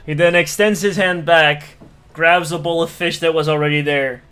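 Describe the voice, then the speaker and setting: A man's voice: on the high side, steady tone, normal speed, sharp tone, a little hiss or hum. A man running a tabletop game as game master, narrating with frequent restarts and fillers. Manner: hesitant, many restarts and fillers.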